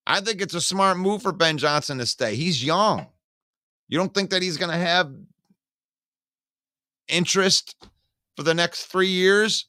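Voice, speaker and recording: A man hosting a live-streamed football talk show, casually greeting viewers by name, reading comments and giving opinionated, animated takes. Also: sits high, a little slow, pauses often, no echo, studio quality. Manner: opinionated and animated, rants with sarcasm. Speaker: sports talk show host.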